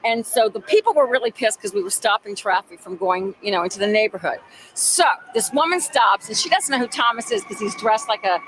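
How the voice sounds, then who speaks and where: A woman's voice: mid-range voice, animated, fairly quick, fairly bright tone, a little hiss or hum, poor audio. An older woman hosting her show, telling a story in a chatty, gossipy way and mimicking the people in it. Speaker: host. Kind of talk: casual storytelling.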